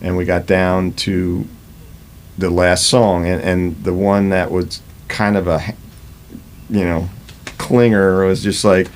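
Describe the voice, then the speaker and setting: A man's voice: low voice, level tone, slow pace, a little hiss or hum. A man in his fifties, a rock musician, telling studio stories in a casual interview, swearing freely and acting out what people said. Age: 50s. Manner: swears freely, acts out quoted exchanges.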